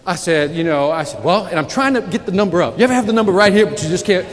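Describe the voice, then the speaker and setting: His voice sits high, expressive and racing along, as a man jokes with and questions a crowd during a high-energy motivational sales keynote. Recorded in a large, echoey conference hall, the clip carries audience laughter and murmur behind him.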